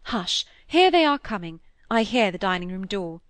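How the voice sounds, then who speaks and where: A woman reading the part of a fussy, vain middle-aged Victorian stepmother, fretful and a little higher in pitch. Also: very animated, normal speed, fairly bright tone, no echo. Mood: gushing. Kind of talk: audiobook character reading.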